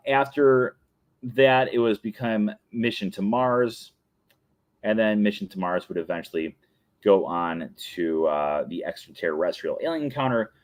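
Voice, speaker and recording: A man in his thirties hosting a show, telling long casual anecdotes with frequent laughs and self-corrections. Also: on the low side. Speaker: podcast host. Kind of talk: casual chat.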